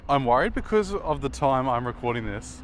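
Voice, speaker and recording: A young Australian man talks in a loose, rambling way, trying names out loud and laughing at himself. His voice sits at an ordinary middle pitch. He is outdoors in a built-up area, with clear traffic noise behind him. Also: lively intonation, fairly quick. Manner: chatty, sounds names out, self-mocking asides. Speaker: video creator rating player names. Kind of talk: casual rambling commentary.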